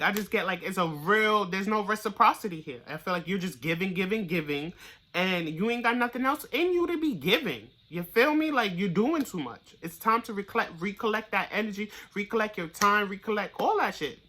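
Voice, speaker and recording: A tarot reader giving a casual, blunt and profane reading straight to the viewer, getting louder and higher when fired up. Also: animated, fairly quick. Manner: blunt, profane, pep-talk delivery.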